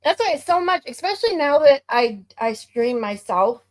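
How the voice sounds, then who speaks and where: A woman's voice: sits high, very animated, normal speed. A woman from Michigan hosting a livestream, chatting casually and laughing easily. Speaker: livestream host. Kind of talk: casual chat.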